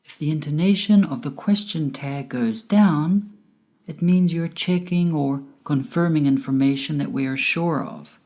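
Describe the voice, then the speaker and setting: A woman with a low, mellow voice narrates a grammar lesson. She speaks at an unhurried pace and pronounces each word clearly, like a teacher reading from a script. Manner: slow, careful, clearly enunciated explanation. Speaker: English teacher.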